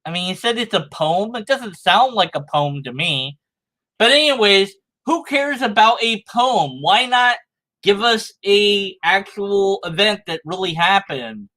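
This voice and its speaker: A man's voice: sits high, bright, forceful tone. A man giving sarcastic, rambling commentary on a sermon clip, mocking the preacher's arguments. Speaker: video commentator.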